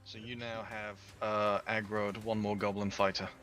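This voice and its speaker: A man's voice: lowish voice, little pitch movement, moderate pace, a bit bright. A man running a tabletop game as game master, casually explaining rules with lots of fillers.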